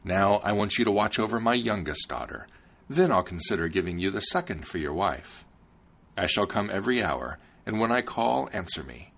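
A man's voice: fairly low pitch, lively intonation, normal speed, gravelly, a bit bright, heavily acted. A man voicing a demanding fairy-tale king who sets the prince impossible tasks. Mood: stern. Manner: stern, commanding.

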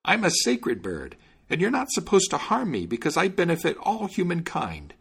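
A man's voice: on the high side, wildly swooping pitch, moderate pace, vocal fry, fairly bright tone, breathy edge, pitched above the performer's own voice, exaggerated voice. A man voicing a solemn male stork who calls himself a sacred bird and asks to be spared. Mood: dignified. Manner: dignified, pleading.

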